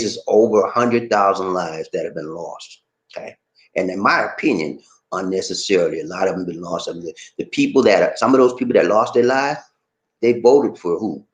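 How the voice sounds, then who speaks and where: Animated American man on a live stream. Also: deep voice. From United States. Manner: animated, laughs often, reads viewer names aloud. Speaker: vlog host reading live chat. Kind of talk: casual live-stream chat.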